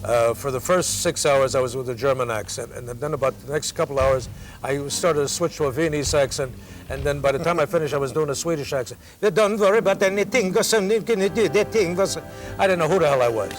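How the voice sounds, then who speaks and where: A man's voice: mid-range voice, fast talker, faint music behind. A man in his sixties, a comedian and interview guest, telling rambling anecdotes in casual conversation. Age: 60s. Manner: rambling anecdotal, repeats "I says".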